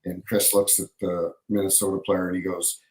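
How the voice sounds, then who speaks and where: A man's voice: low voice, flat delivery, normal speed, darkish tone, roomy sound, rough recording. A man, a former hockey referee, telling stories as a podcast guest in a rambling, casual way. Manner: rambling, self-correcting storyteller. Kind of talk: casual anecdotal storytelling.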